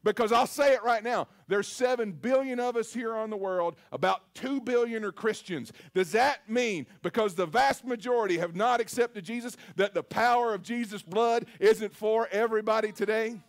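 A man's voice: sits high, normal speed, few pauses. A man preaching a sermon to a congregation, with an emphatic, call-and-response delivery. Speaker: pastor. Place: church service.

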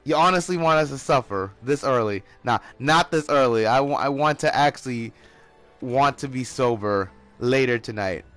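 A gaming streamer with a medium-pitched voice plays a monster hunting game live, chatting casually with a friend at a moderate pace. He is excitable, curses a lot and laughs often, with faint music in the background.

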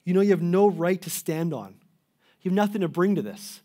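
A man's voice: sits high, lively intonation, fairly quick, mellow. A man preaching a sermon as a pastor, earnest and pleading, often restarting mid-phrase. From Canada.

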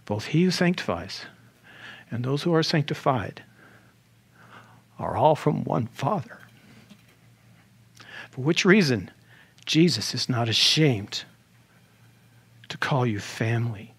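A male pastor preaching a sermon in an animated way, with rhetorical questions and humorous asides. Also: medium pitch, takes it slowly, pauses often, slightly rough.

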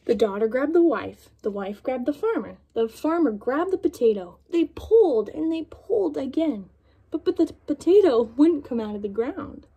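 A young woman reading a picture book aloud to children, in an animated storytelling manner and asking her young listeners questions. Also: high voice, moderate pace.

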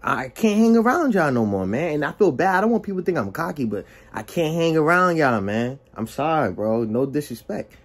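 A young man tells a story from his own life in a casual, animated way, and his pitch leaps around as he acts out what people said. His voice is a little husky, with a soft breathiness to it. He keeps slipping into quoted dialogue, full of exclamations. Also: fairly quick, few pauses. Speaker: vlogger telling a personal story.

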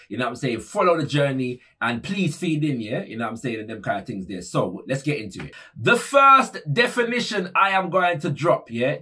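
A man's voice: mid-range voice, fairly bright tone, slightly rough. A man presenting an explanatory talk, conversational, with frequent tag questions and fillers. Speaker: educator presenting a video series.

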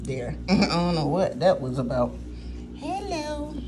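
Filming a relaxed family vlog indoors on her handheld phone, this woman teases and chants in a playful way. Her fairly low voice swoops wildly in pitch, and she takes her time. The home recording is noisy.

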